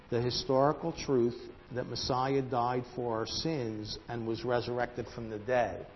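A man leads a verse-by-verse Bible study, walking through numbered points and punching single words with sudden loud stress. His mid-range voice rings with a long reverb, as in a large hall. The sound is slightly dull, and a faint hum of room ambience sits behind him. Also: mid-range voice. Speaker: Bible teacher.

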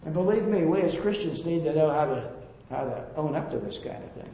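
A man's voice: fairly high pitch, animated, a little fast, mellow. A man preaching a Bible-teaching sermon, earnest and emphatic, with occasional stammered restarts. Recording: roomy, dull lo-fi sound.

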